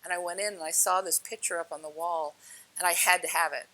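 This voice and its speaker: A woman speaker telling a personal spiritual story to an audience, animated, with frequent laughs and fillers. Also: on the low side, fast, rough recording.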